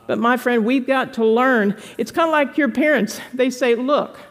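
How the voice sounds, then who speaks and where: A woman pastor preaching an animated sermon to a congregation, slipping into playful voices for quoted people. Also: fairly high pitch, normal speed, long reverb tail. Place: church sanctuary with congregation.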